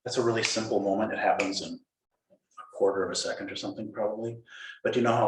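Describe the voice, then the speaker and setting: A man giving a dharma talk as a Zen teacher, playful and animated, acting out inner voices. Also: lowish voice, fast, slight background noise. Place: meditation hall. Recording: roomy hall echo.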